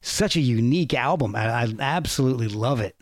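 A man's voice: medium pitch, lively intonation, brisk, background noise. A man hosting a podcast interview, reacting with enthusiasm and talking about albums he loves. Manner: enthusiastic listener, brief reactions. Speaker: podcast host. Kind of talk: casual interview chat.

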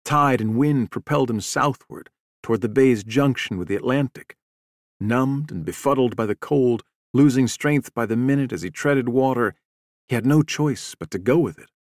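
A man narrates a nonfiction story in a measured, even audiobook style. His voice sits at a middle pitch and is recorded very dry and close, with no room sound. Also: dry recording.

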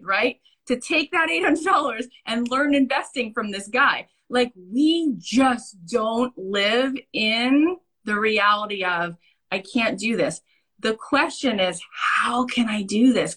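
A woman's voice: a little high, a bit bright, low-quality recording. A woman business coach in casual podcast chat, speaking emphatically and checking in with listeners often. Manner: emphatic, keeps asking "right?"; repeats phrases for emphasis.

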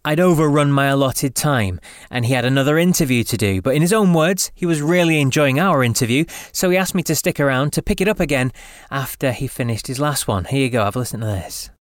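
A man's voice: fairly high pitch, fairly quick, no room sound. Guy hosting a rock podcast, chatty and upbeat, dry close sound. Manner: cheerful, chatty presenter. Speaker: podcast host. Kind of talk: interview and presenting.

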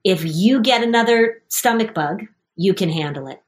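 A woman hosting as a parenting coach, guiding a mother and child with animated stories and acted-out quotes. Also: medium pitch, normal speed. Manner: animated storytelling, acting out quoted voices. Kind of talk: coaching conversation.

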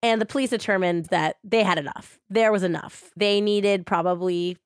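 A woman hosting a podcast, casually retelling a true-crime story and paraphrasing quotes in quick animated bursts. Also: medium pitch, smooth, dry recording, clean studio sound. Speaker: podcast host.

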